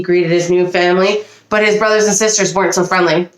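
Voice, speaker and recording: A woman reading a children's storybook aloud with expressive delivery and small slips. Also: fairly low pitch, a little fast, echoey room. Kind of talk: reading a picture book aloud. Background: a child nearby.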